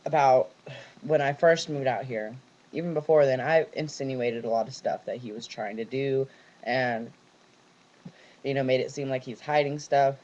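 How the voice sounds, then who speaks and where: A young man from California vents at his camera at home, cursing freely as one story runs into the next. His voice sits at an ordinary middle pitch. The sound is dull and lo-fi, like an old webcam mic. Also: normal speed, a little mellow. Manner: ranting, heavy swearing, run-on storytelling. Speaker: vlogger. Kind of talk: venting personal vlog.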